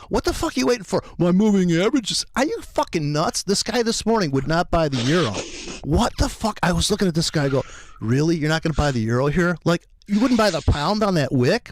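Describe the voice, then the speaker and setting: Guy ranting about trades, lots of swearing, voice bouncing high and low, dry mic. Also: no room sound. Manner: profane, ranting, mocks imagined traders. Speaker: trader co-host. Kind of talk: animated trading talk.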